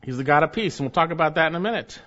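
A man's voice: a little high, expressive, racing, fairly bright tone, lo-fi sound. Emphatic man preaching in a reverberant hall. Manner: emphatic preaching, rising and dropping to near murmurs. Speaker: pastor. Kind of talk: sermon.

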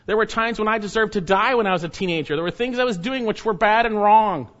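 A man delivers a sermon in a fairly high voice. He is emphatic, swinging between loud urging and low, hushed warnings. The recording sounds dull and lo-fi. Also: fast. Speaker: pastor.

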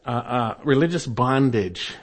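A man preaching a sermon as pastor, earnest and deliberate, slowing down and dropping softer at the ends of phrases for emphasis. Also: medium pitch, animated.

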